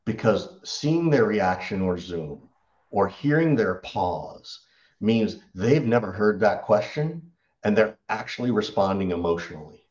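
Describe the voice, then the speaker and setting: Low-voiced man coaching on sales. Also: a little slow, lo-fi sound. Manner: animated storytelling, acts out client quotes. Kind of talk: podcast interview answer.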